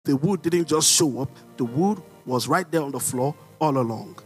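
A man with a Nigerian accent preaching a sermon as pastor, animated with rhetorical questions and sudden shouts. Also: fairly high pitch, normal speed, faint music behind.

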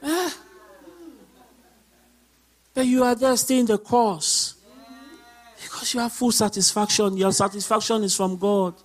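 A man, a deacon, preaching a sermon with emphatic, repetitive lines that build up to shouts. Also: sits high, steady tone, unhurried, pauses often.

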